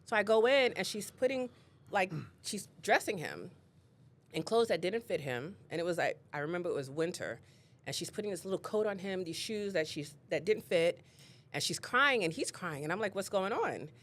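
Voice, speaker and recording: A woman appears as a guest on an interview show, a real estate leader sharing personal stories in a casual way. She's an animated storyteller who acts out what people said, with a fairly low pitch and a moderate pace.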